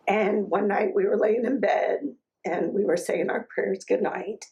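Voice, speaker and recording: Mother in her 30s for a documentary interview: gravelly edge, mid pitch, halting personal storytelling. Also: darkish tone, rough recording. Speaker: mother of a transgender child.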